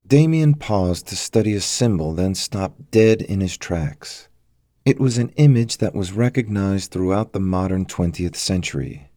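Deep, dark-toned male narrator. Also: lively intonation, moderate pace, no echo, studio quality. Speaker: audiobook narrator. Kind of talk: scripted narration.

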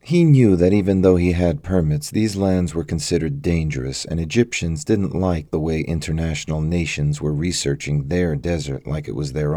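A man narrating a story in a measured, steady reading, voicing the husband in the same tone. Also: very deep voice, no echo, clean studio sound. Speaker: audiobook narrator. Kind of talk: scripted narration.

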